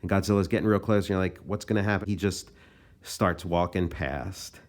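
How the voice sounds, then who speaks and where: Male podcast host, very deep voice, casual and meandering, talks through his own comic pages. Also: normal speed. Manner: loose, meandering, thinking aloud.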